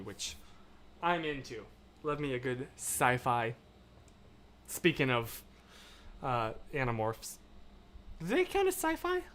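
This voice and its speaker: A man with a slightly high voice hosts a livestream, chatting casually and reading out viewer comments. He rambles animatedly, swinging between loud and hushed.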